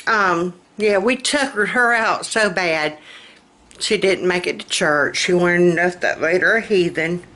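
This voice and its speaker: Slow, chatty Southern woman. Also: on the low side, a bit bright. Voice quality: slightly slurred from denture adhesive. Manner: chatty, folksy, laughs often. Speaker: vlogger. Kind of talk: casual chat.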